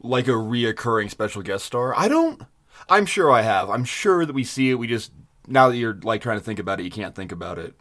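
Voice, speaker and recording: A man's voice: mid-range voice, lively intonation, brisk, fairly bright tone. Man, podcast co-host, casual chat, folksy, easygoing, a bit off after dental work.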